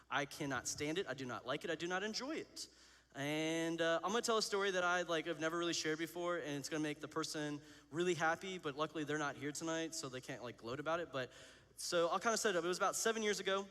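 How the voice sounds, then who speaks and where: A man in his thirties preaches to students in a rapid, rambling stream. His voice sits a little high, and he keeps laughing at himself between the fillers. His words ring out through a long hall reverb. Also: fairly bright tone. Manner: candid, self-deprecating, chatty with many fillers. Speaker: student pastor. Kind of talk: youth sermon with personal storytelling.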